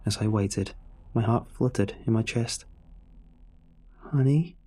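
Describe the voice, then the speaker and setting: Male horror narrator, dark husky voice, measured delivery, faint music behind. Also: fairly low pitch. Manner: steady measured first-person telling.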